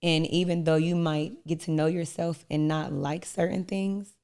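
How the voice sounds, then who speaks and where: A woman's voice: deep voice, normal speed, vocal fry, smooth. A woman guest in a candid podcast conversation, telling stories with acted-out voices and easy laughter. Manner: animated storyteller, acts out voices in anecdotes; laughs easily, playful self-praise.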